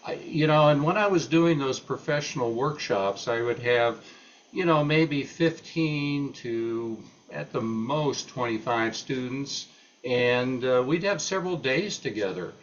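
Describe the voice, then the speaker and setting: Older man, halting talk with many fillers. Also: medium pitch, muffled recording, slight background noise. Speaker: retired professor presenting at a meeting. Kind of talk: unscripted talk.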